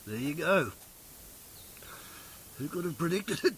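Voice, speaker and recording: A man's voice: mid-range voice, very animated, slow, long pauses, background noise. A man in his fifties giving a wry, meandering political commentary.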